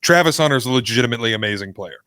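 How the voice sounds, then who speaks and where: A man co-hosts a sports podcast, trading wry, self-deprecating jokes in casual chat. His voice is smooth and clear at a middle pitch. The mic is close and dry. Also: animated, racing, pushed and bright, no echo. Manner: wry, self-mocking humor. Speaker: podcast co-host.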